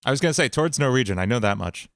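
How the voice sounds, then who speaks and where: A man's voice: medium pitch, expressive, very fast, a bit bright. A man streaming casually from his home basement studio as he writes music, joking, laughing often and mocking himself. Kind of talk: casual livestream chat.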